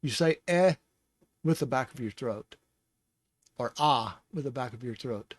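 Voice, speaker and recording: A man teaching the Hebrew alphabet in a casual, rambling way, sounding out syllables slowly and chuckling now and then. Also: medium pitch, animated, dry recording, clean studio sound. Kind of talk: casual lesson.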